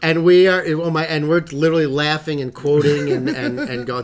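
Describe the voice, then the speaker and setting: A man's voice: on the high side, brisk, crowd noise. A man co-hosting a podcast, telling funny stories in casual chat and laughing often. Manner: animated storyteller, laughs often. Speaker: podcast co-host.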